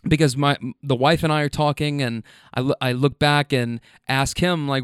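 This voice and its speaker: A man's voice: medium pitch, normal speed, clean tone, no echo, studio quality. A man who hosts a podcast and drives rideshare, telling a rambling story with swearing and lots of restarts. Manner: rambling, profane, many restarts. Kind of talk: casual storytelling.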